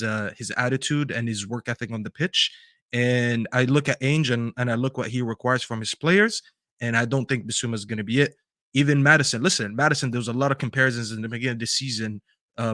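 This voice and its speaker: A man co-hosting a football podcast, giving strong opinions in a casual, animated debate. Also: medium pitch, dry recording, studio quality. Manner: opinionated, animated, talks over hesitations.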